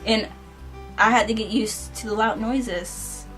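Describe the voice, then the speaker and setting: A woman's voice: fairly high pitch, steady tone, a little slow, fairly bright tone, soft background music. A young woman with a Southern American accent, a university student chatting casually and asking lots of questions. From southern United States. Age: young adult. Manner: chatty, filler-heavy, asks questions. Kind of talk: casual chat.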